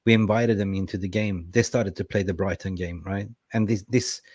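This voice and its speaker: A man's voice: deep voice, steady tone, normal speed, darkish tone, dry recording, studio quality. A man co-hosting a casual football fan show, reading viewer comments aloud and reacting to them. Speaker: co-host reading live chat.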